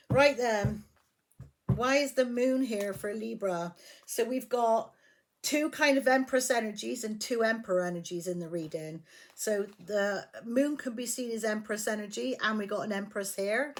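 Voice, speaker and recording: A woman's voice: mid-range voice, moderate pace. A woman giving a tarot reading, blunt and emphatic, swearing freely as she lays out the cards. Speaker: tarot reader.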